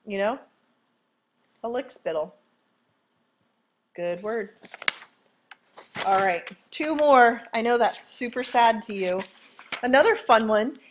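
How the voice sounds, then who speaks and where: A woman high school English teacher giving a playful, chatty vocabulary lesson at home, often checking in with "okay?". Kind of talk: casual vocabulary lesson video.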